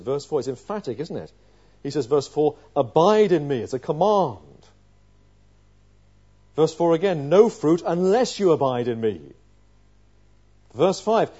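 A male preacher delivering an emphatic sermon, full of rhetorical questions, dropping quiet and then rising loud. His voice is mellow and dark. The recording is slightly dull and lo-fi. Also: fairly high pitch, breathy edge.

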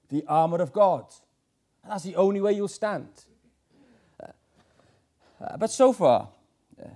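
High-voiced preacher, earnest and halting. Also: male voice, darkish tone. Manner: earnest, with many uh fillers and rhetorical questions. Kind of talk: sermon.

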